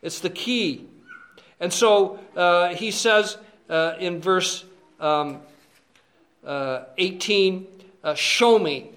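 High-voiced male preacher, roomy echo. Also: drawn-out words, long pauses, a bit bright. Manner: conversational, asks "okay?" often, many fillers. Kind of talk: expository sermon, verse by verse.

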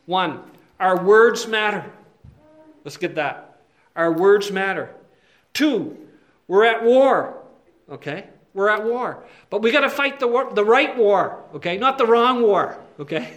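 Male preacher, high voice, earnest, emphatic, sermon delivery that shifts between soft asides and loud stressed points. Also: animated, takes it slowly. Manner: earnest, emphatic, asks the listeners to check in often. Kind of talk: expository sermon.

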